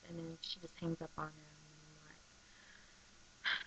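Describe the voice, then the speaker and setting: A woman in casual chat, talking excitably with lots of "like" and "um" as she recaps a soap episode on her webcam. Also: fairly low pitch, a little slow, pauses often. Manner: chatty and excitable, full of "like" and "um". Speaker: soap opera recap vlogger. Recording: dull lo-fi webcam audio.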